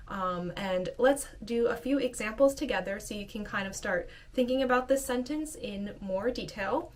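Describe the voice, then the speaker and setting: A woman's voice: a little high, distant mic. A woman teaching a casual video lesson, repeating short phrases patiently. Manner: slow, repeats phrases over and over. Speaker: language teacher.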